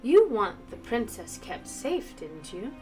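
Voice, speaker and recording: A woman voicing a creepy, insolent masked man in a slow, mocking drawl while playing a story game. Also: on the high side, very animated, a little mellow, faint music behind.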